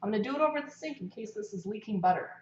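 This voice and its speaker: A woman's voice: mid-range voice, lively intonation, very fast, heavy background noise. A woman hosting a casual cooking livestream from her home kitchen, chatting to viewers as she cooks and eats. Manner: chatty, talks while eating and cooking. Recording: echoey kitchen, slightly dull sound.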